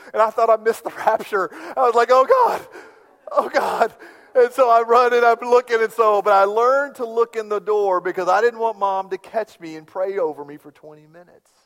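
Middle-aged pastor preaching in a reverberant hall. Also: male voice, high voice. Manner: animated storyteller, swings from hushed to loud. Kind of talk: sermon.

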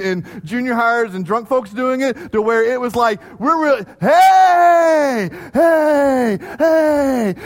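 A man preaching a sermon, telling a lively story and acting out crowd chants before reading scripture. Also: very high voice. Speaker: pastor.

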